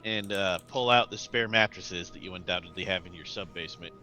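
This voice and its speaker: A man's voice: low-pitched, brisk, sharp tone, faint music behind, low-quality recording. A man narrating as game master of a tabletop role-playing game, telling the scene vividly and laughing along.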